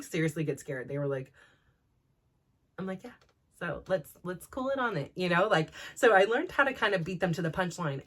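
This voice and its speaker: A woman with a California Valley girl accent talks in a chatty, storytelling way, sprinkling "like" through every sentence. Her voice sits a little low for a woman. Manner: chatty, peppered with "like", quick laughs. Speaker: podcast host. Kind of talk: casual storytelling monologue.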